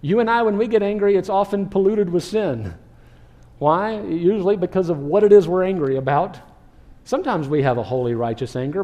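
Pastor with a dark, mellow voice. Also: male voice, on the high side. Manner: animated preaching, acts out quoted speech. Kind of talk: sermon.

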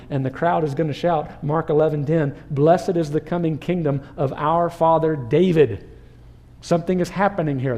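A man delivers a sermon, lively and engaging, throwing questions at the listeners. His voice sits slightly high with a warm, mellow tone. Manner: animated, acts out crowd voices and rhetorical questions. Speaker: pastor.

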